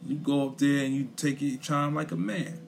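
A man's voice: on the high side, fairly even intonation, moderate pace, vocal fry, slight background noise. A young man gives a blunt, profane opinion rant in casual chat, repeating his points for emphasis. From Brooklyn, New York. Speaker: commentator.

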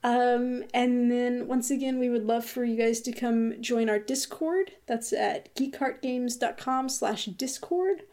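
A woman's voice: a little high, measured pace, hardly any pauses, mellow. A woman co-hosting a gaming podcast in casual chat, chatty and a little hesitant with many fillers. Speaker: podcast co-host.

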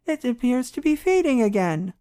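A woman reading a story aloud, voicing a gentle, grave old male doctor who speaks slowly, quietly and formally. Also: on the high side, very animated, smooth, voice pushed up. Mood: wistful.

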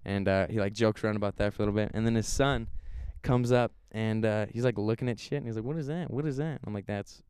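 A young man co-hosting a podcast, telling stories with loud high-pitched impressions of other people. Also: fast, few pauses, clean tone, no room sound. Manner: animated storyteller, yells high when quoting people. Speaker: podcast co-host. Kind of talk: casual chat.

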